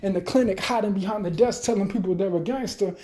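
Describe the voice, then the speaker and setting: Rambling, profane man with a dark voice. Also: high voice, slight background noise. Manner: profane, loose, rambling, talks fast then trails off. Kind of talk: rambling monologue rant. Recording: roomy echo.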